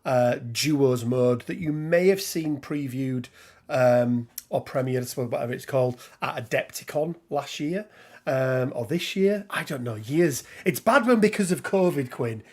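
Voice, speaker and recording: A man's voice: mid-range voice, unhurried, a little mellow. A middle-aged man from England hosting a casual live stream, rambling and greeting viewers by name. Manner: chatty, rambling, reads out viewer names. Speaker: host.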